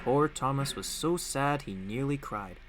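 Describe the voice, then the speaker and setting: A man narrating a storybook audiobook with expressive, animated storytelling. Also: mid-range voice, measured pace, slight background noise.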